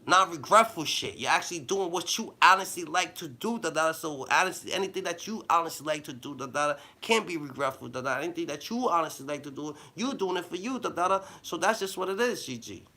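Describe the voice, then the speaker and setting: A man giving rambling motivational advice in loose slang, with a habitual "da, da, da" filler, dropping low and then bursting louder. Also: animated, quick pace, few pauses. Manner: loose slang-heavy talk with a repeated "da, da, da" filler; swings between low mumbling and loud bursts. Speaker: vlogger giving life advice.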